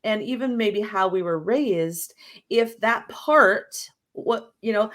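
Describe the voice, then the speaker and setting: A woman's voice: a little high, slow pace, fairly bright tone. A woman guest in a casual interview, talking reflectively through an analogy and often checking in with "right?". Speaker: podcast guest.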